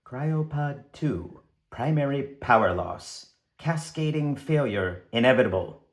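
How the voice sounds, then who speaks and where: Man doing a slow droning cryopod alarm voice. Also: mid-range voice, expressive, roomy sound. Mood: mechanical. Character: cold automated cryopod warning system.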